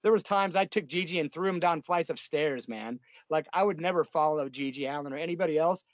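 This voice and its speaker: This man in his fifties talks in a blunt, profane, rambling way, full of fillers and restarts. His voice sits a bit high for a man. The sound is dry and dull, like lo-fi remote audio. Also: fairly quick, no echo. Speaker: punk musician guest. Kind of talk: casual interview storytelling.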